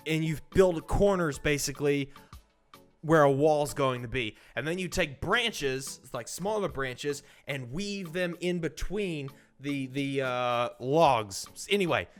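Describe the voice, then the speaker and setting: Chatty young man telling a story. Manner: animated, acts out quoted voices with big pitch jumps. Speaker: vlogger. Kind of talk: casual storytelling.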